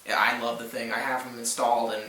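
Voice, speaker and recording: A young man co-hosting a casual question-and-answer chat, quick and enthusiastic with a joking streak. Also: medium pitch, little pitch movement, bright, forceful tone. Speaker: co-host answering fan questions. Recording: echoey room, mic at a distance, faint noise.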